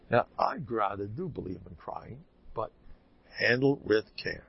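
A man, a rabbi, giving an informal Torah talk to a live audience, animated and folksy, often leaping high in pitch for emphasis. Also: unhurried, vocal fry, slight background noise. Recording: dull lo-fi recording.

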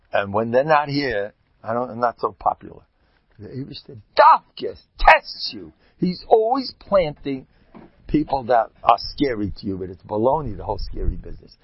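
A man giving an informal Torah talk, lively and emphatic, often jumping up high in pitch for emphasis. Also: gravelly, husky, no room sound, dull audio. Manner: animated, jumps to high excited pitch for emphasis, laughs. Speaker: Hasidic teacher.

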